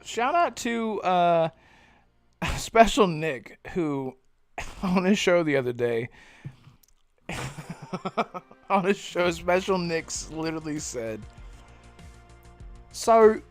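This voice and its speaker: A man's voice: fairly high pitch, animated, slow pace, long pauses, faint music behind. A man hosting a casual gaming podcast, joking around and laughing through his words. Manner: giggly, joking, restarts often. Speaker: podcast host.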